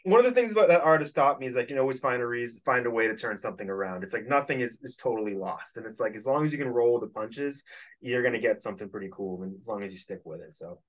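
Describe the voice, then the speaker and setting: A man hosting a podcast, asking questions in a halting way and repeating words as he looks for his thoughts. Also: mid-range voice, animated, far from the mic. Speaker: podcast host. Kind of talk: casual interview chat. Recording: voice set back from the mic.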